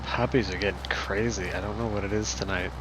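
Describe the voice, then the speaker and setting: A man's voice: on the low side, fairly even intonation, brisk, heavy background noise. A man streaming and chatting casually with viewers, rambling and joking, with lots of "I mean" and "you know". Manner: rambling and joking, heavy fillers.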